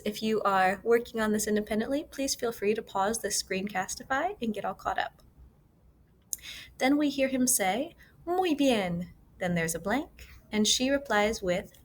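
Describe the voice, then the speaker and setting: A woman teacher explaining a Spanish worksheet step by step in a recorded screencast, slowing down to model each Spanish phrase. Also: on the high side, a little hiss or hum. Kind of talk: recorded class walkthrough. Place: school. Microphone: computer mic for a screencast.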